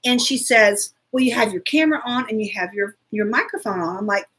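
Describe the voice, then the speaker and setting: A woman hosting a casual live chat, telling a story in a chatty, animated way and answering viewers. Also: medium pitch, brisk, few pauses, breathy edge. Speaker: show host.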